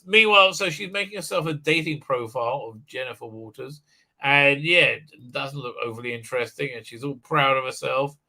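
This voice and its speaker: A man's voice: mid-range voice, fairly quick, pushed and bright. A middle-aged man hosting a live stream from his desk, rambling sarcastically and swearing, full of fillers and restarts.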